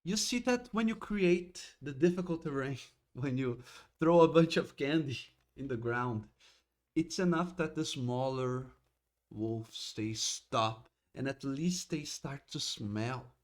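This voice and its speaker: Male game master, slow halting narration, plenty of restarts. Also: mid-range voice. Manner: halting, with frequent restarts and laughter.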